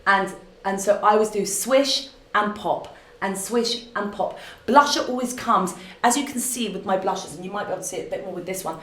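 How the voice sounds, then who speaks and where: A woman's voice: medium pitch, quick pace, fairly bright tone. A woman, gushing and effusive as she answers fan questions in a live makeup demonstration from an office. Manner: gushing and effusive, full of fillers and restarts. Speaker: beauty brand founder answering fan questions. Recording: roomy echo.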